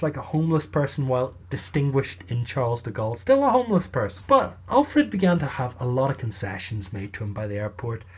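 A storyteller casually telling a true story in a chatty, wry way. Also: mid-range voice. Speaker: storyteller narrator.

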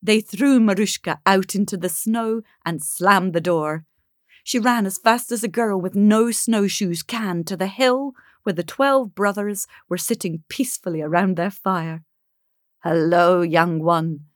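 Woman reading a fairy tale, slow and expressive, dry close sound. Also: medium pitch, dry recording. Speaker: storyteller.

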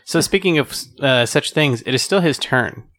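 A man's voice: medium pitch, expressive, normal speed, fairly bright tone. A man playing in a tabletop game, helping others with the rules. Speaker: player. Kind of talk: casual tabletop game chat.

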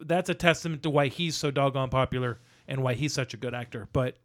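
A middle-aged man co-hosting a podcast, chatting casually about a movie in a rambling, animated way. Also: mid-range voice, a little fast. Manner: rambling, animated storyteller, acts out quotes. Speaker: podcast co-host.

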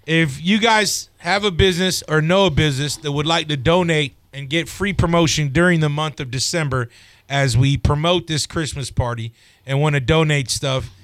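Joking radio host, dry studio. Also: male voice, a little high, moderate pace, dry recording. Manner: joking, animated, teasing. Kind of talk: casual radio banter. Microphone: studio mic.

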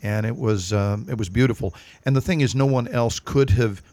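A man's voice: medium pitch, normal speed, mellow, no echo. Brief: man, guest storyteller, casual, easygoing studio talk. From Texas. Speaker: actor guest. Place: radio studio.

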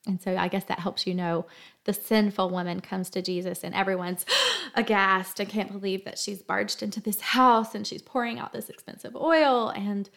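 A woman hosting a faith talk, speaking earnestly and emotionally in a gentle storytelling tone. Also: medium pitch, steady tone, normal speed, gravelly. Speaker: podcast host.

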